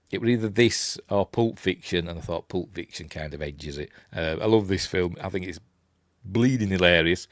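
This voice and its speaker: Here a deep-voiced older man from Yorkshire, England, hosts a relaxed live-stream movie chat on his channel. He rambles, says um a lot, and pokes fun at himself, all captured in clean, echo-free studio audio.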